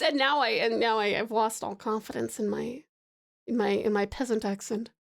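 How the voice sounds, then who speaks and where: A woman's voice: a little high, fairly even intonation, normal speed, creaky. An Australian woman chatting casually with her live-stream chat, rambling and laughing often. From Tasmania, Australia. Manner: giggly, rambling, reacts to chat.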